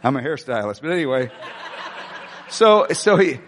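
A male pastor telling a story during a sermon, chatty and self-deprecating, with halting restarts. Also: medium pitch, sing-song, a bit bright, slight background noise. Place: church sanctuary. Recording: long hall reverb.

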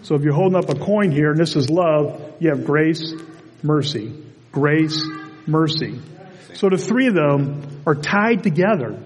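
A man delivers a relaxed, conversational sermon, telling stories in a chatty pastor's manner. His voice sits a little on the high side. The sound carries a long reverb from a church sanctuary. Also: measured pace.

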